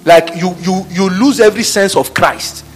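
A high-pitched man delivering a sermon. He preaches animatedly, laughs often and acts out little office scenes, with a soft bed of music faintly behind him. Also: moderate pace.

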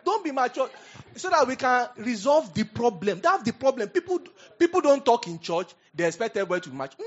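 A man preaching a sermon as pastor, animated, swinging from hushed asides to loud emphatic bursts. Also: high voice, a little fast, breathy edge, dull audio.

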